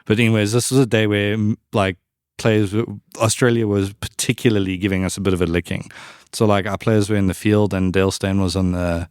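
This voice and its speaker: A man, co-hosting a casual podcast, excitable and swearing freely. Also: fairly low pitch, brisk, clean tone, no echo, clean studio sound. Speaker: co-host.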